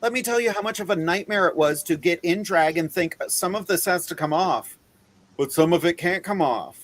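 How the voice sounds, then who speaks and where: A man hosting a casual talk show, chatting and telling stories in an animated way. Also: sits high, moderate pace. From Pennsylvania. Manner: chatty, animated storytelling with laughs. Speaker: podcast host. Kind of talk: casual chat. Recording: faint background noise.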